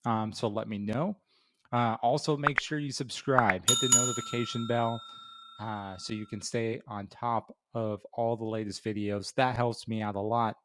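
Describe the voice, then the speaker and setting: A man's voice: fairly low pitch, fairly even intonation, normal speed, a bit bright. A middle-aged man hosting a beer review show, telling a casual story full of fillers and restarts before giving his rating. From Florida. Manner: rambling with many fillers and restarts.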